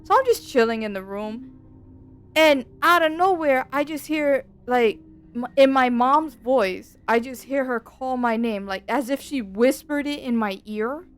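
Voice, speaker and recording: A woman streaming a game and chatting casually, telling stories in an animated, slangy way from a dark room at home into a desk mic. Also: sits high, measured pace, clear, resonant tone. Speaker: VTuber streamer.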